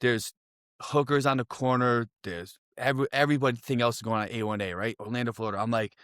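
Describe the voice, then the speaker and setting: A young man from Connecticut telling a wild story on a podcast, animated and profane, full of "I'm like" and "right?". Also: medium pitch, brisk, no echo, studio quality. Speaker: podcast guest. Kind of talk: casual storytelling.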